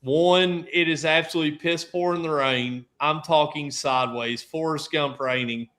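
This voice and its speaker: A man on a casual sports roundtable, telling animated stories and acting out quotes from friends. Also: on the high side, normal speed. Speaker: podcast panelist.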